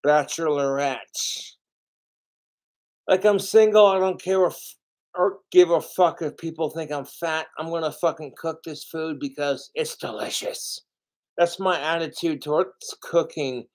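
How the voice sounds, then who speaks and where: A middle-aged man streaming live, rambling slowly and swearing a lot as he talks about his fans and cooking. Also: a little high. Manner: slow, profane, rambling. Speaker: livestreamer. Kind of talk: rambling livestream monologue.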